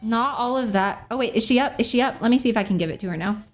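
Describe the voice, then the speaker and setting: A woman's voice: fairly high pitch, very fast, soft background music. A young woman streaming a cozy game, chatting casually, bubbly and giggly, often apologizing to her characters. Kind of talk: casual gameplay chat.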